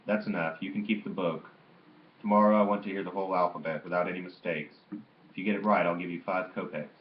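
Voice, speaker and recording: Man voicing a gruff, hoarse sick old grandfather. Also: low voice, fairly even intonation, fast talker, dull audio, natural voice. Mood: gruff praise. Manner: loud, gruff, teasing.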